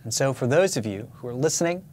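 Man, pastor, sermon, earnest, measured delivery, mid pitch, faint background noise. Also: lively intonation, darkish tone. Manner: measured, earnest preaching with a scripture reading.

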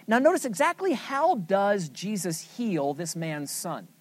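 Bible study teacher, middle pitch, lots of questions then punchy answers, dry close sound. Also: big pitch swings, measured pace, breathy edge, no echo. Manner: asks the group many questions, then answers them with emphasis. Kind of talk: teaching a scripture lesson.

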